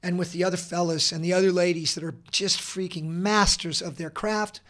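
A middle-aged man talking as a podcast guest, earnest and energetic, with many fillers and restarts. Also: high voice, a little fast. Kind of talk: casual interview talk.

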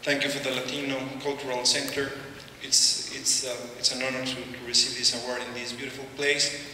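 Bright-voiced Mexican man in an echoey hall. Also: mid-range voice, little pitch movement, far from the mic, a little hiss or hum. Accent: Mexican Spanish. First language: Spanish. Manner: halting, repeats words, joking asides. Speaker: award recipient giving an acceptance speech. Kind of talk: informal acceptance speech. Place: large hall at an awards ceremony.

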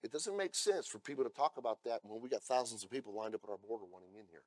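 A male pastor delivering a sermon, moving between loud scripture readings and blunt asides to the congregation. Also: medium pitch, quick pace, no room sound. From America. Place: church.

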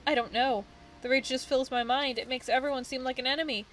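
Woman playing a dryad in a game, raised higher than her own voice and louder, snappy then sorry, mind all jumbled. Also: fairly even intonation, fast talker, poor audio. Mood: strained. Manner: swings between hostility and apology. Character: rage-addled female dryad, tree spirit, erratic and snappish. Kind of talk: reading game dialogue aloud.

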